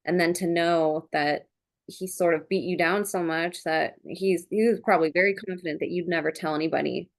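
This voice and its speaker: A woman's voice: on the low side, steady tone, moderate pace. A woman hosting a podcast, responding to her guest in an earnest, emphatic way, thinking aloud with restarts. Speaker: podcast host. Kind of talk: casual conversational interview.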